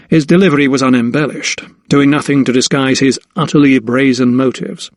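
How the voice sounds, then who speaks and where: A man reading an audiobook as narrator, in measured storytelling. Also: mid-range voice, fairly even intonation, no echo, studio quality. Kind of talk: scripted narration.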